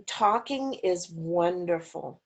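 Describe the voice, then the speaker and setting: A woman's voice: fairly low pitch, lively intonation, takes it slowly. A woman giving an informal conference talk on caregiving over a video call, chatty with frequent fillers and demonstrating voice examples as she goes.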